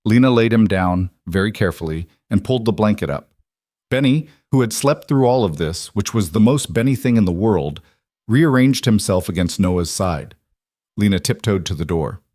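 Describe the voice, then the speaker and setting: A man narrating a scripted story in a measured, even delivery. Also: fairly low pitch, no echo, studio quality.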